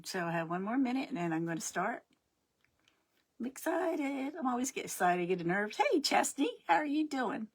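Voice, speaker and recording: A middle-aged woman hosts a crafting livestream in a fairly high, husky, sing-song voice at normal speed. Keeping things casual, she says hello to viewers by name as they come in.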